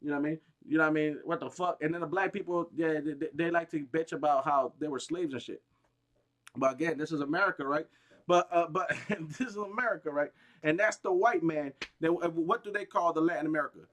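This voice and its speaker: A gaming streamer delivering a heated, rambling, profane rant, restarting sentences often and bursting out with emphasis. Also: male voice, a little high, fairly quick, a bit bright. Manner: agitated, emphatic outbursts.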